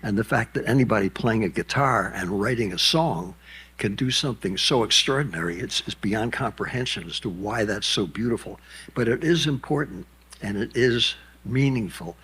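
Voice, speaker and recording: Husky-voiced man in his nineties. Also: fairly low pitch, normal speed, a bit bright. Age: 90s. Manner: rambling, anecdotal, with asides and restarts. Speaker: keynote speaker. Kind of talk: storytelling conference speech. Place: conference stage.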